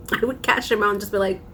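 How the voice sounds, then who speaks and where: A woman's voice: medium pitch, sharp tone, a little hiss or hum. A young woman vlogging casually, telling a story with dramatic emphasis and frequent laughs.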